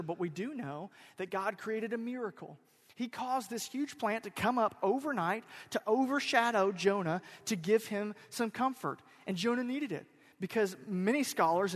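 Pastor guy preaching, goes loud then real quiet, high voice, big hall echo. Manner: animated, swings from loud emphasis to quiet intensity. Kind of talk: sermon. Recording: long hall reverb.

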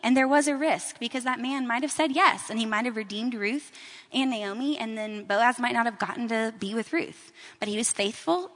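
Woman Bible teacher, casual storytelling delivery, somewhat high voice, echoing hall. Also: a bit bright. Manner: casual, conversational storytelling with fillers.

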